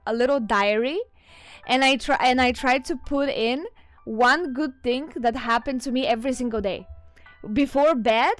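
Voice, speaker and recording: A woman streamer with a non-native English accent, chatting casually with her viewers, giggling often as she reads chat. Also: on the high side. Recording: faint music behind.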